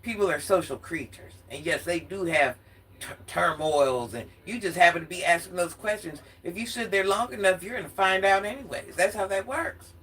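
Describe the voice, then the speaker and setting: A woman's voice: fairly low pitch, expressive, moderate pace, a bit bright, husky. An older woman from Atlanta ranting casually in a sassy, confrontational vlog, often laughing as she talks. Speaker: social media commentator.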